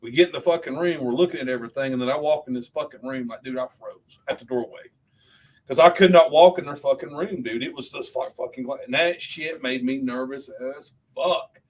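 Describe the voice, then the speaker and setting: A man's voice: medium pitch, brisk, few pauses. A man co-hosting a podcast, telling stories in casual, profanity-laden chat. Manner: profane, animated storyteller. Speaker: podcast co-host.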